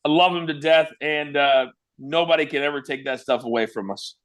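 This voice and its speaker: A man from Kansas, a former wrestling broadcaster, telling animated stories as an interview guest. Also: fairly high pitch, a little fast. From Kansas, USA. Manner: lively, animated storyteller. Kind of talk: storytelling interview.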